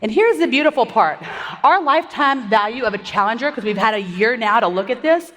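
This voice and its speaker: A woman giving a fast, upbeat stage presentation, a little out of breath, rallying the audience with questions. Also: fairly high pitch, animated, fairly bright tone. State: slightly out of breath. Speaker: conference speaker. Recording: long hall reverb.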